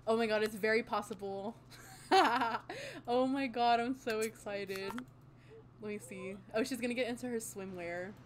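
A young woman talks through a life-sim game in an excitable, chatty way. She swears freely and keeps bursting into exclamations, her voice a little high. A faint hiss sits under the recording. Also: moderate pace. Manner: excitable, swears, gasps and laughs often. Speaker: gaming channel host. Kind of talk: casual gameplay commentary.

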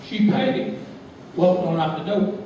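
A man telling a folksy story to a live crowd, animated and laughing as he goes. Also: high voice, a little slow, a little hiss or hum. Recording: echoey hall from far off.

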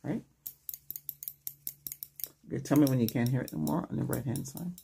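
A man in a whispered role-play as a doctor, talking softly and gently and checking in with short questions, close to the microphone. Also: mid-range voice, moderate pace, vocal fry, slight background noise.

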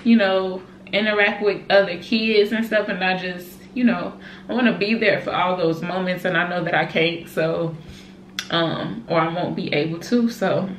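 Young woman vlogger, lowish voice, chatty and emotional, echoey room, light hiss. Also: fairly even intonation, normal speed. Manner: chatty, emotional, many fillers like "like" and "y'all". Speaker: vlogger and mom. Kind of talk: casual chat to camera. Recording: echoey room with faint noise.

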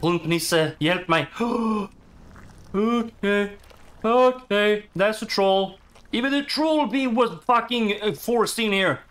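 A man giving excitable, swearing let's-play commentary while he plays a game. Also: high-pitched, slow. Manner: excitable, swears, talks to himself. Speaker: gaming streamer.

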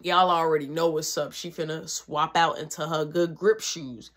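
A young woman telling a story in a casual vlog, animated and profane, acting out what people said. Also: sits low, normal speed. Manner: animated, profane, acts out quotes.

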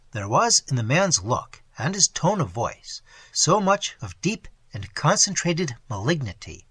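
Expressive male audiobook narrator, husky. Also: fairly high pitch, measured pace, no echo. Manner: expressive, dramatic reading. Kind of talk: scripted narration.

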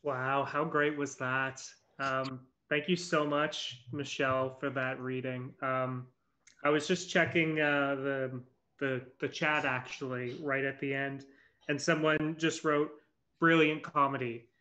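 A man hosting an online event thanks a reader and passes things on in a friendly, halting way, with many fillers. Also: medium pitch, level tone, sharp tone. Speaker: event host. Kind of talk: casual live-event hosting. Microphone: video call.

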